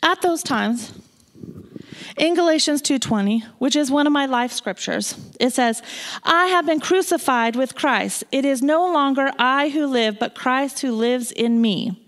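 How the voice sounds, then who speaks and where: A woman preaching a sermon in a church, moving between loud proclamation and hushed asides. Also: sits high. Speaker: guest preacher. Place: church sanctuary.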